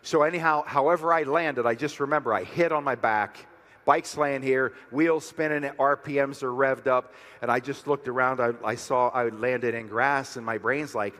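A man telling a personal story to a crowd in a motivational speech, growing fiery and shouting by the end. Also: medium pitch, normal speed, big-room sound. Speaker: speaker at a rally.

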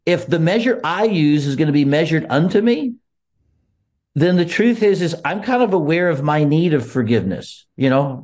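A man's voice: fairly high pitch, a little mellow. A man talking earnestly about faith and forgiveness, laughing often and restarting his sentences. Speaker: guest. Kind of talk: casual faith talk.

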